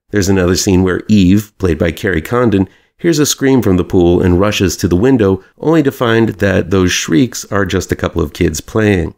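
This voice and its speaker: Brief: deep, gravelly man, sarcastic film reviewer, dry delivery. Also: darkish tone. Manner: dry, mocking. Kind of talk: sarcastic movie review monologue.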